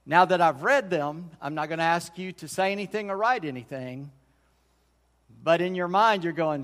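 Preacher guy, middle aged, talks folksy and restarts a lot, slightly high voice, long echo from the church. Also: moderate pace, fairly bright tone. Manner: conversational preaching with folksy phrasing and frequent restarts. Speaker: pastor. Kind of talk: sermon. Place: church sanctuary. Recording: long church hall reverb.

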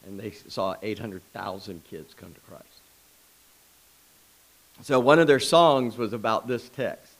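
A man's voice: lowish voice, animated, a little slow, long pauses, slight background noise, rough recording. A man preaching an informal sermon in a small church, folksy and conversational, with asides and restarts. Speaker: pastor.

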